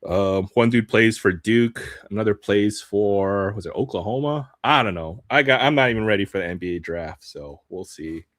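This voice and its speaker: A man with a low voice talks casually to his live stream audience while opening cards, laughing often and trailing off into ums. The sound is dry and close, with no room around it. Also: normal speed, few pauses, a bit bright, dry recording.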